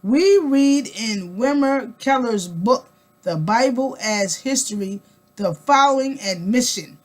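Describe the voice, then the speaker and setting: A woman speaks in a high, unhurried voice, talking straight to her viewers in a casual monologue. She is emphatic and colloquial, repeating words for weight and asking the listener rhetorical questions. Her talk rambles with restarts as she builds her point. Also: lively intonation. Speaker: vlogger.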